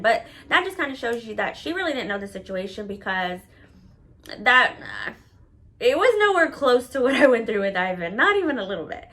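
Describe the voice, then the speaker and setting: Bright-voiced woman telling a candid story. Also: medium pitch, very animated, moderate pace. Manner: candid and profane, with many "like" fillers. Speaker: vlogger telling a personal story. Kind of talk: casual storytime monologue.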